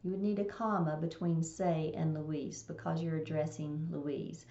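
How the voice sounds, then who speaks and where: A woman's voice: low voice, level tone, unhurried, warm tone. A woman teaching a recorded grammar lesson, explaining plainly and reading example sentences aloud. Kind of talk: recorded test-prep lesson. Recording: echoey room, dull lo-fi sound.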